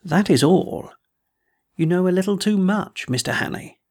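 A man voicing a courteous, quietly threatening old gentleman villain in a storybook reading. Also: sits high, animated, moderate pace, voice pushed up. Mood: silkily menacing.

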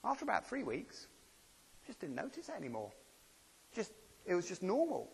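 Man, preacher, conversational sermon, rhetorical questions, gravelly voice, reverberant hall. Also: high-pitched, wildly swooping pitch, moderate pace. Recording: long reverb of a church hall.

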